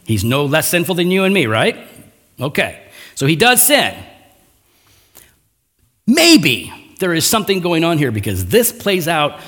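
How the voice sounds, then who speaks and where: A man's voice: medium pitch, husky. A man preaching a sermon in a casual, conversational way, with slang asides and acted-out quotes from scripture. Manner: animated, acting out biblical quotes in raised voice. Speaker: pastor.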